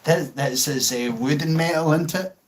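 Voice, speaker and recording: A man's voice: a little high, moderate pace. A man with a Scottish accent hosting a casual livestream, chatting with viewers in a self-mocking way and swearing freely. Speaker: livestream host. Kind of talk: casual chat reading out viewer comments.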